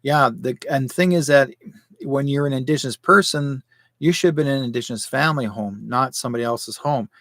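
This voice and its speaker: A man's voice: mid-range voice, fairly quick, fairly bright tone, no echo. A man in his sixties hosting a live commentary show, rambling and conspiratorial, firing off rhetorical questions. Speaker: show host.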